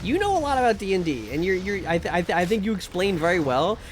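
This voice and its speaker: Male streamer, casual gaming chat, slightly high voice, rambling and crude jokes, faint background noise. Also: sing-song, quick pace.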